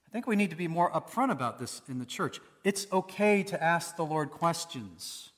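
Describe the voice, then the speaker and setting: Male pastor, conversational sermon delivery, slightly high voice, long hall reverb. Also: animated, moderate pace, fairly bright tone. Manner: conversational preaching with rhetorical questions.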